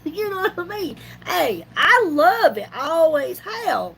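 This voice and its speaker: A chatty woman in her fifties with a high voice, telling stories in a folksy, animated way. She vlogs to her viewers with a faint hum of surroundings behind her. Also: a little slow, creaky, poor audio. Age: 50s. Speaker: YouTube vlogger. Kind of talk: casual storytelling vlog.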